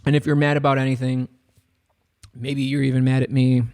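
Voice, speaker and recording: A man's voice: mid-range voice, monotone, a little fast, a little mellow, clean tone. Rambling upbeat American man. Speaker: music producer streaming a tutorial. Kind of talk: casual livestream chat. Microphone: studio microphone.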